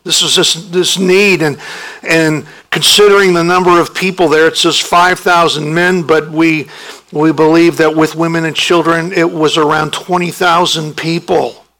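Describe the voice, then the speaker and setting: A man preaching a sermon as pastor, emphatic and animated, his voice jumping up when he acts out the disciples' protests. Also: on the high side, normal speed, low-quality recording.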